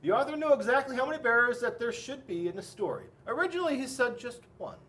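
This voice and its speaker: A man's voice: very high voice, quick pace, far from the mic. A man, a police officer, reading a children's picture book aloud in a playful, exaggerated way. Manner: playful, animated, exaggerated storyteller. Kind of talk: children's storybook read-aloud.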